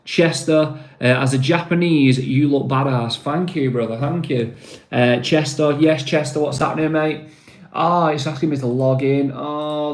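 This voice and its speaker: A man's voice: medium pitch, echoey room, slight background noise. A man with a northern English accent hosting a casual phone livestream, chatting loosely and reading viewers' comments aloud. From northern England. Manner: chatty, rambling, reads viewer names aloud. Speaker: livestream host. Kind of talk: casual live-stream chat reading comments.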